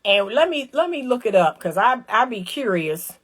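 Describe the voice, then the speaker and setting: Speaking straight to her viewers, a woman offers casual, animated commentary on relationships, using colloquial language, repeating phrases for emphasis and acting out little scenes. Her voice is on the high side and her pace is normal.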